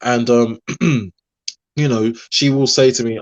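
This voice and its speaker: A man in a casual online discussion, telling personal stories in an animated way and laughing often. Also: mid-range voice, measured pace, dry recording, poor audio. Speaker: panelist.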